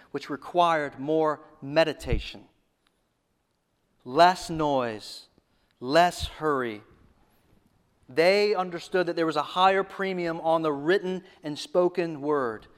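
Male preacher, fairly high pitch, emphatic and repetitive with sudden hushed drops. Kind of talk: sermon.

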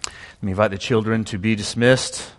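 A man pastor leading a prayer and then preaching, relaxed and conversational with frequent fillers. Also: fairly low pitch, moderate pace, big-room sound. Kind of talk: sermon.

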